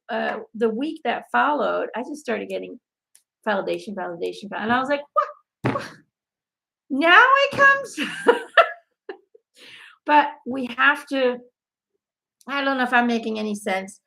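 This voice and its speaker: A woman's voice: a little high, creaky, pushed and bright. A woman giving a live angel card reading in a casual, blunt way, swearing freely and laughing often.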